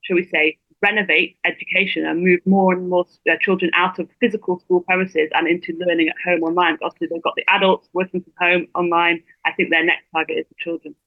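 Fast-talking woman on a tinny phone line. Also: lowish voice, level tone, dry recording. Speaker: guest blogger. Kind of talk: interview over a phone line.

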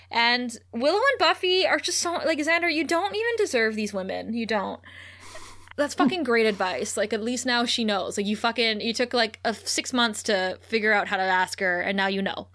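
Woman podcast cohost, higher-pitched, animated and profane casual recap. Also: moderate pace. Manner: animated, swears freely, acts out quotes. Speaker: podcast co-host.

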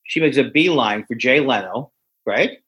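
A male comedian who tells a long, self-deprecating anecdote in a rambling way, often stopping and restarting his sentences. His voice is husky, bright and forward. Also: mid-range voice, animated, normal speed. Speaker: stand-up comedian, guest. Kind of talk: anecdotal storytelling.

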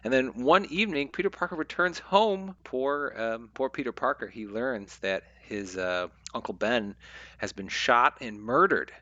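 A man's voice: mid-range voice, animated, pushed and bright, dry recording, lo-fi sound. A man co-hosting a casual talk show, discussing a comic book with frequent fillers and restarts. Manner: halting, many fillers and restarts. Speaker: podcast co-host.

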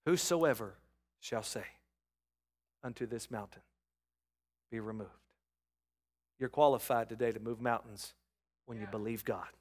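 A middle-aged man preaching a sermon, calling on the congregation and rising from soft talk to loud shouts. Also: mid-range voice, a little slow, long pauses. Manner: calls on the congregation to respond. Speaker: pastor.

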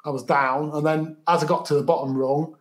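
Halting man telling his story. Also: on the high side, steady tone. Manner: halting, repeats words, matter-of-fact. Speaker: guest. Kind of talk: storytelling in an interview.

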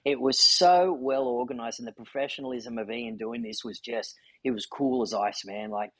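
A man's voice: mid-range voice, moderate pace, a bit bright, dry recording, poor audio. A man hosting a podcast, telling a story in an earnest, heartfelt way. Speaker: podcast host. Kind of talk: casual chat.

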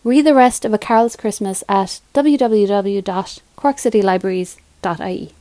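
A woman reading a short story aloud in a measured, clear way. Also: medium pitch, mellow. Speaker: reader.

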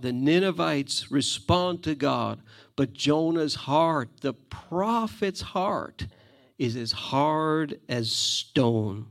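A man's voice: a little high, creaky. A man preaching a sermon, emphatic and repeating phrases for stress.

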